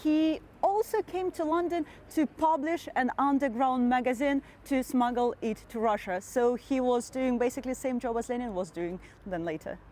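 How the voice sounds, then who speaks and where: A woman's voice: high voice, moderate pace, few pauses, darkish tone, rough recording. A woman tour guide earnestly explaining history outdoors on city streets, with faint traffic behind. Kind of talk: informative storytelling.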